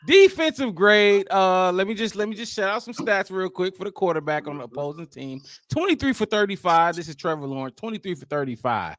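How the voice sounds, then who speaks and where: A man hosting a casual sports podcast, his voice bouncing up and down with a lively, animated swing. He talks in a slightly higher register and quick asides. The recording is dry and close, with no room sound. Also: no room sound. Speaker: podcast host.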